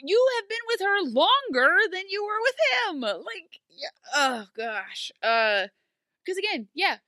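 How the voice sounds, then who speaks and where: A woman's voice: very high-pitched, very animated, a little slow, bright, forceful tone, no room sound, studio quality. A woman co-hosting a podcast, chatting casually about a TV episode and playfully acting out the characters in silly voices. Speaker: podcast co-host. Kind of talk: casual chat recapping a TV episode.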